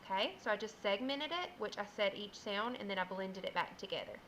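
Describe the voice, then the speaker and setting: A woman teacher giving a first grade phonics lesson, explaining slowly and clearly and sounding out words. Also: mid-range voice, animated, a bit bright, a little hiss or hum, low-quality recording.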